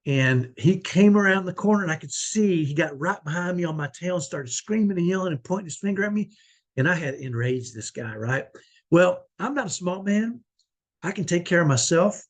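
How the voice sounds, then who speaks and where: A man's voice: sits high, expressive, moderate pace. A man talking about his life as a parent, telling a personal story in a conversational way and often tagging his sentences with "right?". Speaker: parent vlogger.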